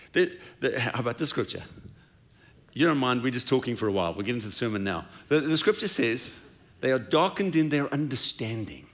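A man preaching a sermon as pastor, retelling scripture scenes in an animated storytelling way. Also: mid-range voice, creaky.

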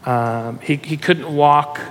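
Man preaching, emotional storyteller, slightly high voice, long church hall reverb. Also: takes it slowly, a little hiss or hum. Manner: animated, laughing, emotional storyteller. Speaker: pastor. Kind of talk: sermon storytelling.

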